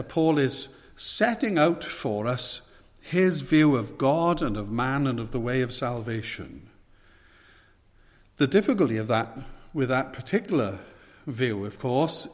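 A man preaching a sermon with a measured, emphatic delivery, pausing often and using fillers. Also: mid-range voice. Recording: long reverb of a hall.

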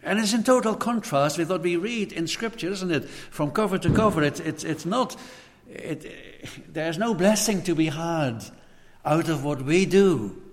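A man's voice: fairly high pitch, animated, a little slow. Earnest male preacher in a reverberant hall. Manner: earnest, repeats words when stressing a point. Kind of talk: sermon.

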